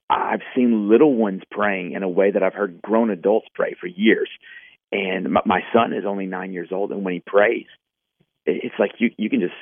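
A man, a pastor, speaking hopefully and in a measured way as a podcast guest. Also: low-pitched, creaky, breathy edge, no echo. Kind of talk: faith podcast conversation. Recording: tinny phone line.

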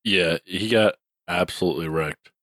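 A man casually chatting about a horror film as a podcast co-host, relaxed and laid-back, laughing easily. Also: deep voice, normal speed, dry recording. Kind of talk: casual horror movie review chat.

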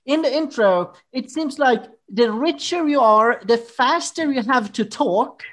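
Woman, podcast co-host, high voice, casual film talk. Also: animated, measured pace. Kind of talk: casual film review chat.

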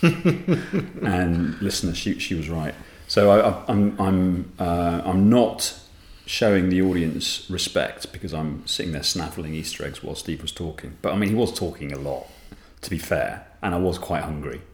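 A man's voice: low-pitched, a little slow, reverberant. A sleep-deprived man co-hosting a podcast in rambling, self-deprecating casual chat. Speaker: podcast co-host.

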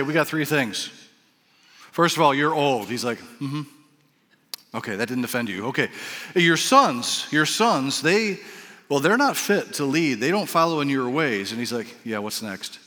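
A man preaching a sermon to his congregation. He acts out the voices of the people in the story and drops into soft, quiet asides. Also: mid-range voice. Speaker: pastor. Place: church sanctuary. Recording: reverberant hall.

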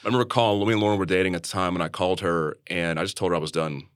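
A low-pitched man speaks earnestly on a podcast about faith, telling his own story in a candid, conversational way. He often restarts and repeats words as he thinks aloud. The sound is close and dry, with no room echo. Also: steady tone, racing, smooth. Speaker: church leader and podcast co-host.

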